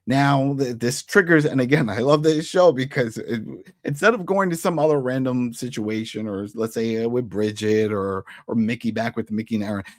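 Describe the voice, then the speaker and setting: A man hosting a casual TV episode recap, excitedly retelling scenes and briefly acting out the characters' lines. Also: medium pitch, no room sound, studio quality. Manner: animated, acts out characters' lines in quick put-on voices. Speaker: TV recap host.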